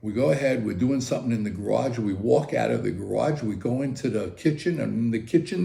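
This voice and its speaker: Gravelly older man telling a story. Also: mid-range voice, brisk. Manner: animated, chatty, repeats "okay?" often. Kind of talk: casual personal storytelling. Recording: roomy echo.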